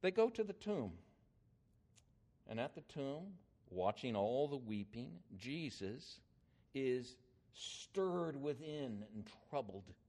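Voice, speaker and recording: An older man preaching a sermon, telling a story with swings in emphasis and loudness. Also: fairly high pitch.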